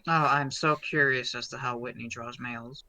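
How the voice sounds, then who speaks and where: A man's voice: medium pitch, steady tone, normal speed, pushed and bright, no room sound. A man playing a tabletop game, wry and joking. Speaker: player. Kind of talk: casual tabletop role-play.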